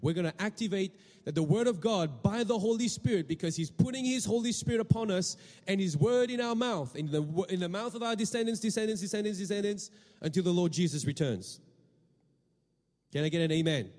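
A man preaching a sermon in a fairly high voice, turning often to the congregation with questions. He repeats words and restarts phrases as he talks. The sound rings out with a long reverb in a hall. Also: expressive, brisk, darkish tone. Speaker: pastor.

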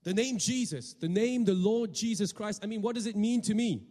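A man's voice: high voice, normal speed, dark tone, in a large hall. A man preaching a sermon to a congregation, often asking them questions and repeating words as he goes. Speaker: pastor.

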